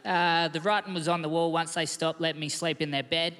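High-voiced Australian man doing stand-up. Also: steady tone, brisk, a little hiss or hum. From Western Australia. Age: 30s. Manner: laid-back, self-mocking storytelling. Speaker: stand-up comedian. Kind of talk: stand-up comedy set. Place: large comedy festival theatre. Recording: reverberant theatre with loud crowd.

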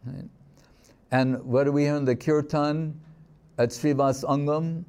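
A man giving a spiritual sermon, telling stories in a reflective, unhurried way and reciting verses. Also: a little high, fairly even intonation, darkish tone, smooth. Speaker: swami giving a spiritual talk.

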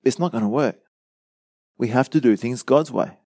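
A man's voice: medium pitch, moderate pace, warm tone, no room sound. A man preaching a Bible teaching sermon, earnestly explaining verses, quoting commentators and asking the listeners questions. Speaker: pastor.

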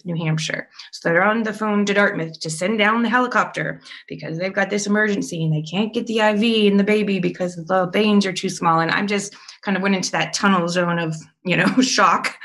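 A woman's voice: lowish voice, a bit bright. A middle-aged woman and podcast guest, telling her life story in a candid, chatty way, with fillers and small laughs.

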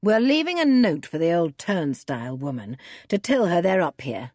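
A woman's voice: lowish voice, big pitch swings, normal speed, darkish tone, no room sound, studio quality. A woman voicing a menacing male villain who gives curt, threatening orders.

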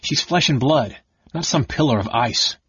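A man voicing a burly male warrior who speaks gruffly, sometimes pleading and sometimes shouting, in an audiobook reading. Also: mid-range voice, expressive, moderate pace, no room sound, voice pushed up. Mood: surly. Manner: gruff, pleading, grows loud. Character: burly male warrior, troubled and quick-tempered. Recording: dull lo-fi audiobook recording.

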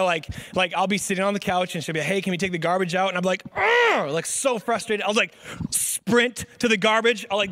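Young guy pastor preaching casual, high voice, jokey rambling, echoey church hall. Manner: joking, animated storytelling with many fillers. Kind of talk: casual sermon. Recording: long hall reverb.

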